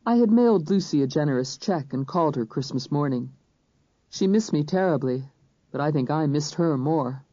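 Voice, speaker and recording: An audiobook narrator reading a crime thriller in first person, measured and even. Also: mid-range voice, no room sound. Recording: dull, dry studio recording.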